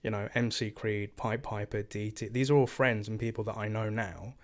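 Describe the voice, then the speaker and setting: Animated English man telling stories. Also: lowish voice, normal speed. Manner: animated, acts out quoted voices. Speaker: guest. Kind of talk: casual storytelling interview.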